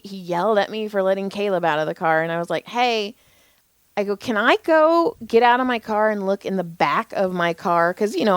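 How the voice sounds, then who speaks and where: A woman in her thirties, a podcast co-host telling a story in casual chat, animated, swearing freely and laughing often. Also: mid-range voice, no room sound, studio quality.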